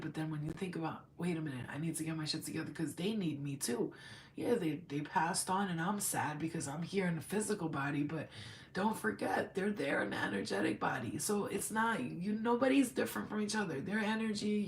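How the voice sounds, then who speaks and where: A woman's voice: low-pitched, slight background noise. Rambling emotional woman medium. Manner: rambling, emotional, talks to spirit and client. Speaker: spiritual medium. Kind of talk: live channeled reading.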